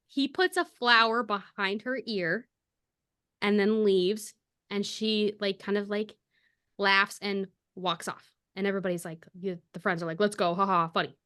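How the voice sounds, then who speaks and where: A woman's voice: mid-range voice, bright, forceful tone, smooth. A woman co-hosting a podcast, animatedly retelling a story with frequent laughs and fillers. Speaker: podcast co-host. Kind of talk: casual chat retelling a story.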